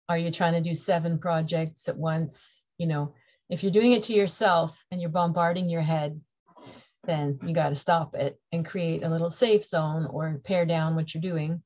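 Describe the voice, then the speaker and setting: A middle-aged Canadian woman gives a chatty, playful tarot reading to camera, laughing often between her points. Her voice is on the low side and a little mellow.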